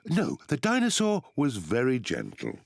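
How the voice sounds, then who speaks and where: A man's voice: mid-range voice, huge pitch swings, normal speed, creaky, a little hiss or hum. A man voicing a jolly, bumbling father pig in a cartoon, telling a bedtime story in a hearty, chuckling manner. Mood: storytelling. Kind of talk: cartoon voice acting.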